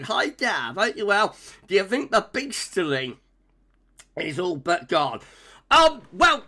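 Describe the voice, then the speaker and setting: This weather livestream host has a high-pitched, sharp voice as he banters loosely with his audience, reading their comments, laughing a lot and leaning on fillers.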